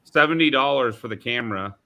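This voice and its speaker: A man hosting a live online chat about making things, telling animated, rambling stories with many restarts. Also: medium pitch, fast. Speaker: host of a live maker chat. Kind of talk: casual chat.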